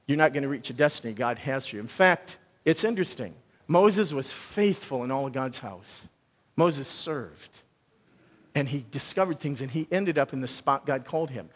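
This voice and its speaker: A man's voice: a little high, breathy edge. A man preaching a Sunday sermon as pastor, talking in a loose, conversational way with many restarts. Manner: conversational, animated, thinks out loud with restarts. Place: church sanctuary. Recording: long reverb of a large hall.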